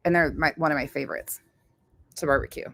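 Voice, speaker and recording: A woman's voice: low-pitched, fast, creaky, fairly bright tone. A woman hosting a casual cooking livestream, chatting with viewers in a blunt, chatty way, swearing freely and laughing often. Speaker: livestream host.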